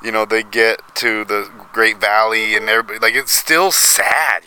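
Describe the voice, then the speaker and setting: A man's voice: lowish voice, fairly even intonation, moderate pace, pushed and bright, slight background noise, rough recording. A man chatting casually as a podcast co-host, laid-back and rambling with fillers.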